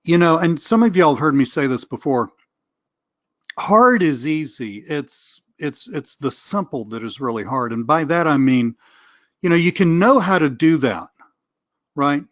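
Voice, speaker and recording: A man's voice: on the high side, expressive, normal speed, no echo, lo-fi sound. A middle-aged man with a Southern US accent, talking casually and rambling as a coach on a webinar. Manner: chatty, rambling, self-deprecating, occasional cursing. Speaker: online business coach.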